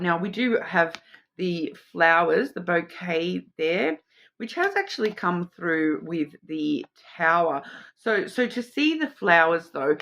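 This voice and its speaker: A woman's voice: fairly low pitch, vocal fry, fairly bright tone. A woman giving a casual intuitive card reading, chatty and rambling, often repeating her words. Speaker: tarot and oracle card reader.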